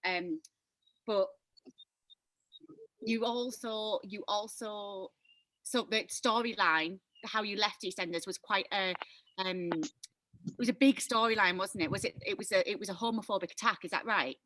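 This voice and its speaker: A woman's voice: mid-range voice, a little slow, pauses often, sharp tone, no room sound, rough recording. Bubbly giggly young woman hosting a live stream. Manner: giggly, bubbly, self-deprecating. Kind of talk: casual live-stream chat. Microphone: video call.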